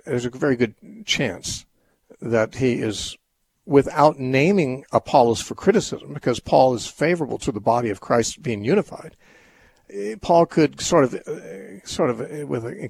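Male call-in host, husky voice, musing and meandering, mid-pitched, explains scripture off the cuff. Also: dry recording. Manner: thoughtful, rambling with many restarts and fillers. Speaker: radio Bible-teaching call-in host. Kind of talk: unscripted call-in Bible answers.

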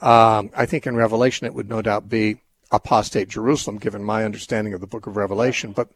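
A man's voice: on the low side, fairly even intonation, fast, no room sound. A man hosting a call-in radio show, answering Bible questions in a thoughtful, rambling way with many restarts.

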